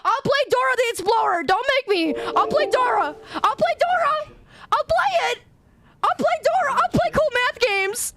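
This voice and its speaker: A woman's voice: very high voice, expressive, normal speed, noisy background. A young adult woman streaming a game, reacting with exasperated, dramatic pleading and outbursts. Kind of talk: reactive livestream gaming chat.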